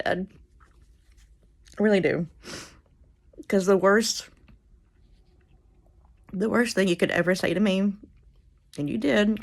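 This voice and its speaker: A tearful woman giving a halting, emotional spoken tribute to her late father, often repeating and restarting her words. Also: medium pitch. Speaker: daughter giving a eulogy.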